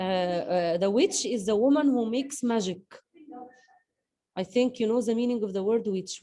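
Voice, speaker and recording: Slow, mellow woman teacher. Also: fairly high pitch, low-quality recording. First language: Arabic. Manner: slow, repeats words and drills pronunciation. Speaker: English teacher. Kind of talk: online class teaching.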